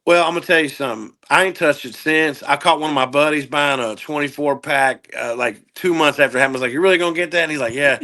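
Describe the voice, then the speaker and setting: Man, podcast guest, casual talk, profane, animated storytelling, bright forceful tone. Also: on the high side, fast, hardly any pauses. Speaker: guest comedian.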